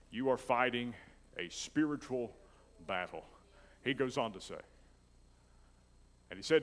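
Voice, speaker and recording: A man's voice: medium pitch, lively intonation, moderate pace, pauses often. Preaching man in a reverberant church. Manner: preaching with rising intensity, calls to the congregation. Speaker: pastor. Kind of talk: sermon. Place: church sanctuary.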